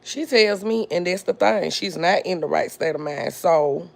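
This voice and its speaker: A woman's voice: fairly low pitch, gravelly. A woman hosting a podcast, telling a personal family story in a blunt, indignant way. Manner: blunt, indignant, drawn-out delivery. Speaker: podcast host.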